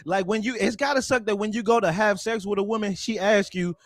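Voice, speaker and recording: A man's voice: high-pitched, steady tone, fairly quick, no room sound, clean studio sound. A man hosting a livestream, talking with callers in a confrontational, mocking, trash-talking way. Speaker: livestream host.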